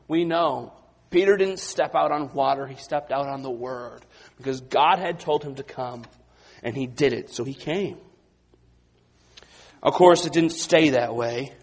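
A man preaching a sermon, moving between quiet, low passages and loud, excited retellings of the disciples. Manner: dynamic, swings from quiet to loud and high when acting out the disciples.

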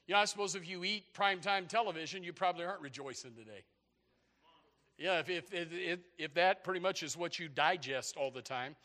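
A man preaching a sermon in a church, rambling and excitable, with many restarts and sudden shouted bursts. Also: sits high, fairly quick. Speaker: pastor. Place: church sanctuary. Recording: long hall reverb.

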